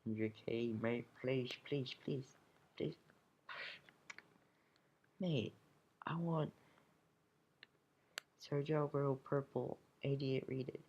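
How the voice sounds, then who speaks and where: A man's voice: medium pitch, steady tone, takes it slowly, pauses often, darkish tone, lo-fi sound. A teenage boy commenting casually on his game, grumbling and swearing, sometimes dropping to a whisper, recorded at home. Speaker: gamer opening card packs.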